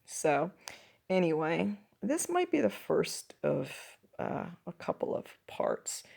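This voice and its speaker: A woman hosting her own show, speaking in a reflective personal monologue, her voice croaky and her thoughts coming in halting restarts. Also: on the low side, very animated, a little mellow. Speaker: podcast host.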